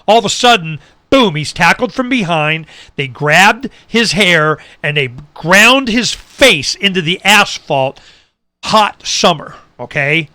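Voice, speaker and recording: Bright, lively middle-aged male talk host. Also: slow pace, dry recording. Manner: animated storyteller, drops pitch low for asides. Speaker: radio show host. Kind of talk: casual storytelling chat.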